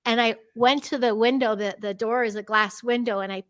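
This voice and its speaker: A woman's voice: a little high, a little fast, no room sound, clean studio sound. A woman in her thirties, a podcast guest, animatedly telling personal stories with frequent laughs and acted-out quotes. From United States. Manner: animated, laughing often, acts out her own quoted lines. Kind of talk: conversational storytelling.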